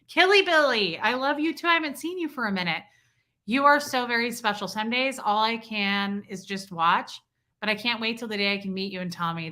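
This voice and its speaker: A woman's voice: mid-range voice, sharp tone. A young woman hosting a livestream, effusively thanking viewers by name as she reads their messages. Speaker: livestream host. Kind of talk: casual livestream chat reading donations.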